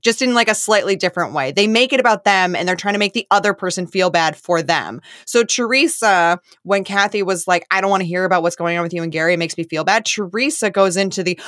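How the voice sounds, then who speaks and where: A woman co-hosting a podcast recap, chatting casually and reacting with expressive emphasis. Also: mid-range voice, no room sound, clean studio sound. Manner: expressive, quick to react, puts on voices for quotes. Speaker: podcast co-host.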